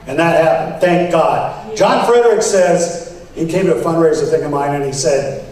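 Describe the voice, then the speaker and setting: A man with a somewhat high voice gives an animated campaign speech to convention delegates, acting out the exchanges he retells. He sounds far from the mic in a very echoey hall, with faint background noise. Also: normal speed. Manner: animated, acts out quoted exchanges. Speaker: political candidate.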